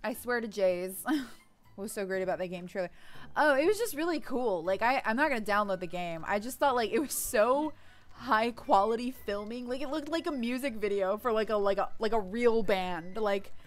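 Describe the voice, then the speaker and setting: A woman's voice: on the high side, normal speed, soft background music. A woman hosting a let's play with chatty, rambling casual commentary, full of fillers.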